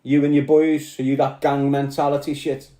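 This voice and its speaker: A man's voice: medium pitch, flat delivery, moderate pace, dark tone, echoey room. A man with a Scouse accent, ranting aggressively and swearing as he answers commenters on a live stream. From Liverpool.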